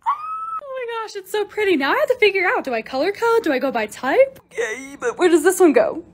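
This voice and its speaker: Young woman, high voice, very lively pitch, chatty, excitable, casual vlog voice-over. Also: fast talker. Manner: chatty, excitable, narrating her own tasks step by step. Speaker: TikTok creator.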